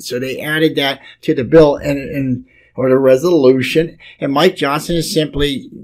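A man's voice: a little high, a little mellow. A man hosting a casual political talk show, rambling and often repeating words as he starts a sentence.

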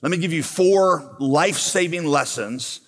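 A man's voice: fairly high pitch, a little slow. A man preaching a sermon, retelling a scripture story and posing rhetorical questions to his listeners. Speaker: pastor. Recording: long hall reverb.

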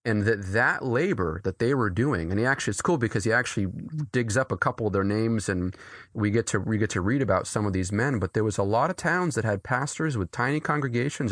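A man from New England, an author and pastor, talking earnestly as an interview guest, with quick restarts and frequent laughs. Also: on the low side, fairly bright tone, no room sound, clean studio sound.

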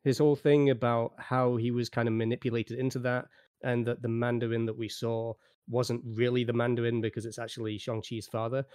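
A man's voice: medium pitch, little pitch movement, brisk, a little mellow, clear, resonant tone, no room sound, studio quality. A man with a Yorkshire accent, a guest in a casual podcast chat, thoughtfully explaining his views. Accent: Yorkshire English. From Yorkshire, England.

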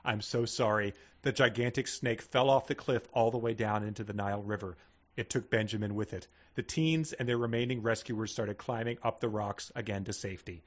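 A man's voice: on the low side, fairly quick. A man co-hosting a comedy podcast, reading passages and adding sarcastic commentary. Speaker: podcast co-host. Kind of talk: casual comedic book discussion.

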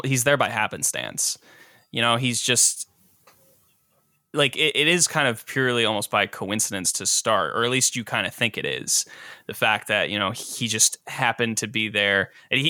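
Bright-voiced young man hosting a podcast. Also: mid-range voice, no room sound, clean studio sound. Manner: animated, acts out quoted lines. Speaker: podcast host. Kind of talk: casual movie discussion.

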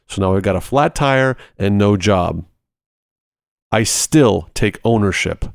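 A man's voice: fairly low pitch, expressive, takes it slowly, vocal fry, no echo, clean studio sound. A man hosting a ministry podcast, teaching in a conversational way and walking through everyday examples step by step, repeating short phrases for emphasis.

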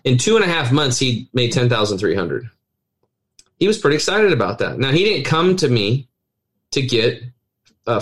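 A middle-aged man, a health coach, talking in a casual podcast interview with animated, persuasive storytelling. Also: mid-range voice.

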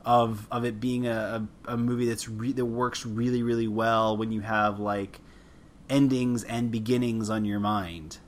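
This man, a podcast host from Canada, has a lowish, fairly even voice and speaks a little slowly. Chatting casually with a guest on his film podcast, he wanders, jokes at his own expense, and keeps restarting.

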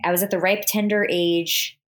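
A woman in her thirties from New Jersey, co-hosting a casual podcast chat as an animated storyteller who laughs often. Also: on the low side, normal speed. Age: 30s. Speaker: podcast co-host.

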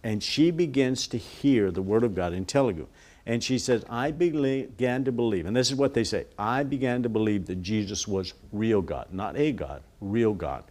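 A man in a TV interview, earnestly telling a story and acting out quoted voices softly. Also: on the low side, moderate pace. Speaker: guest, ministry worker.

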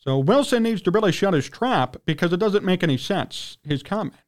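This sports radio host is a man with a notably high voice, worked up about his team in an indignant tirade. He sounds animated and a little quick, with repeated throat-clearing.

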